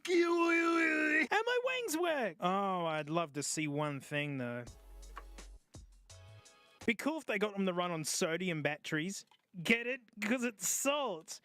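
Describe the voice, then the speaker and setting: A man's voice: high voice, lively intonation, a little slow, long pauses, a bit bright, clear, resonant tone, dry recording, faint music behind. A man doing casual, jokey live-stream gaming commentary, yelping and groaning at the game as he plays.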